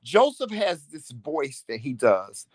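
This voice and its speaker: Man co-hosting a vlog with his husband. His voice sits a touch high and sounds close and dry. He tells stories in a lively, teasing way and swears freely. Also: takes it slowly, no echo. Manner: animated, teasing storyteller; salty, profane. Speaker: vlog co-host. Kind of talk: casual couple chat.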